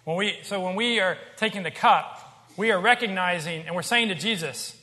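A man's voice: high-pitched, normal speed, pushed and bright. A man preaching a sermon as pastor, conversational and emphatic, with joking asides. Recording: long hall reverb.

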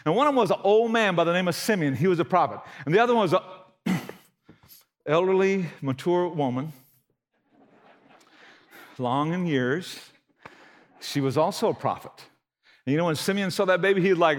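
A man's voice: on the high side, animated, a little fast. A man preaching a sermon in a folksy, emphatic, conversational way. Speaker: pastor.

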